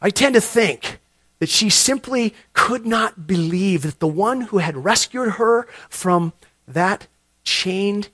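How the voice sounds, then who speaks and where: A middle-aged man preaching a sermon, telling a story and repeating words as he builds to loud emphasis. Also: sits high, unhurried, slightly rough, no room sound. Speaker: pastor.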